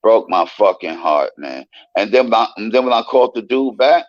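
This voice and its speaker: A man guest telling stories in a casual interview, animated and profane, acting out the voices he quotes. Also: fairly low pitch, normal speed, no echo, highs cut off. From United States.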